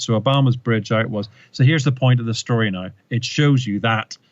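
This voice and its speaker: A man's voice: medium pitch, lo-fi sound. A man who is a presentation coach, a guest on a podcast, telling a story emphatically and often restarting and repeating words. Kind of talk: animated interview storytelling.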